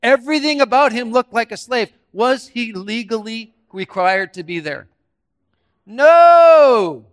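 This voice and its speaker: A male preacher with a notably high voice delivers an animated, interactive sermon. He fires questions at the congregation and jokes with them, dropping to quiet asides before rising to loud, emphatic bursts. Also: moderate pace, hardly any pauses. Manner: interactive, quizzes the audience and jokes. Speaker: guest preacher.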